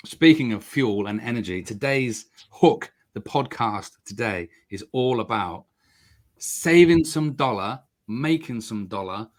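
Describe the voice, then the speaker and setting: Male host, mid-pitched voice, cheeky banter with his co-host. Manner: teasing, playful, jumps up in pitch for jokes. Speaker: podcast co-host. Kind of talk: casual chat. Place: dark home studio.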